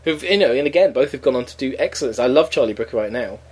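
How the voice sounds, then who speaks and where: A man chatting on a podcast, wry and animated, swinging from gossip to mock outrage. His voice sits at an ordinary middle pitch. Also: fast, husky. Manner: chatty, wry, lively storytelling. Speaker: podcast host. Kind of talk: casual chat.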